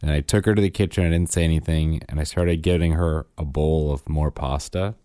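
A man with a very low voice spins a family story in casual chat, correcting himself and acting out the quotes. The sound is dry and close. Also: brisk, clean tone, no room sound. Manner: animated storyteller, acts out quotes, self-correcting. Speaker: podcast co-host, father.

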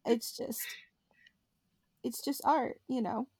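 A young woman co-hosting a podcast in casual chat, animated and laughing often as she tells stories. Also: on the high side, slow pace, slightly rough, no room sound. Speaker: podcast co-host.

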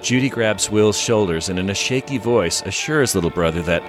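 A man narrates an episode recap with dramatic storytelling flair and acts out the dialogue. His voice sits low and moves through a wide, lively melody. Music plays underneath. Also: normal speed. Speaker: podcast co-host.

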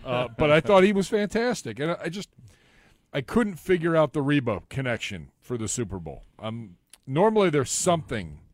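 A man's voice: fairly high pitch, big pitch swings, normal speed, no echo, studio quality. A married man co-hosting a sports podcast, telling stories casually and stumbling over his first words.

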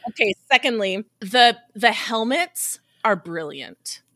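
A woman in her forties hosting a casual chat, expressive and sympathetic, laughing easily. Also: fairly high pitch, slow pace, dry recording. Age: 40s.

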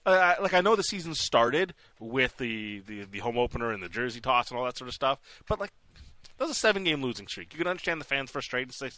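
A man hosting a post-game hockey talk show, animated and full of restarts. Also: medium pitch, fast, no echo. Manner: animated, restarts often, laughs while talking. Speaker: sports podcast host.

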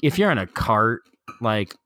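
A man's voice: medium pitch, unhurried, a little hiss or hum. A man co-hosting a podcast, telling rambling stories full of fillers in casual chat. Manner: rambling storyteller, lots of "like", expressive. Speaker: podcast co-host.

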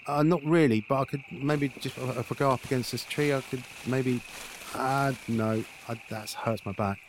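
A man's voice: mid-range voice, steady tone, normal speed, background noise, pitched below the performer's own voice, lightly acted. A man voicing a reluctant, unfit young male apprentice who talks hesitantly and grumbles.

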